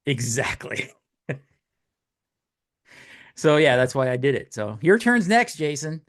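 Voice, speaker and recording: A man co-hosting a casual podcast chat, animated and quick to laugh, tripping over his words now and then. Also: mid-range voice, no room sound, clean studio sound. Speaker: podcast co-host.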